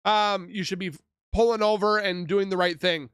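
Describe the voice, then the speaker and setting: A man hosting a reaction video, chatting casually and blurting quick reactions to what he watches. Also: high-pitched, steady tone, fairly bright tone, clean tone, dry recording, studio quality. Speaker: reaction channel host.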